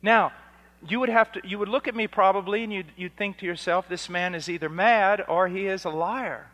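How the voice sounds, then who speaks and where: A male preacher delivers a sermon in a bright, somewhat high voice. He speaks slowly and deliberately, pushing hard on key lines and dropping to near-quiet on others. His voice rings with the long reverb of a hall. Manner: emphatic, swinging from loud to hushed.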